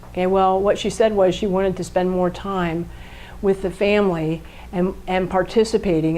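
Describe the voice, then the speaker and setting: A woman's voice: fairly low pitch, moderate pace, rough recording. A woman co-hosting a podcast, explaining relationship communication in a conversational way, often checking in with rhetorical questions and acting out what partners say. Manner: animated, acts out quoted partners in a raised voice.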